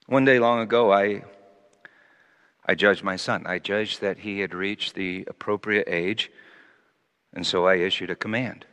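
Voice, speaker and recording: A man preaching a sermon, animated, moving between loud emphasis and quiet asides. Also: lowish voice, unhurried, pauses often, smooth. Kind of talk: sermon with Bible teaching. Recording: long reverb of a large hall.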